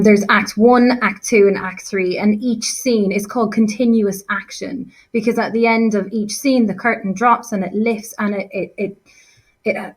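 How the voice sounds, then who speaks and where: An English teacher with a medium-pitched voice, heard over poor audio, discusses a set text in a relaxed revision session. She's chatty and self-deprecating, frequently restarting and using filler words.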